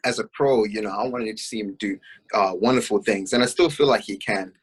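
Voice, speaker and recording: A young man talks boxing in a loose, excitable way, packing his sentences with fillers and repeats. His voice sounds husky and a little rough. He talks like a co-host in casual chat. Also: lowish voice, a little fast, rough recording. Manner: chatty, many fillers, excited.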